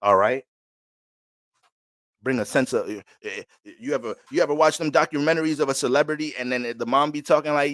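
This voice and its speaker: A man chatting through an astrology reading on a livestream, loose and slangy, quick to laugh. His voice sits at an ordinary middle pitch. The sound is dry and close, with no room echo. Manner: slangy, animated, laughs often.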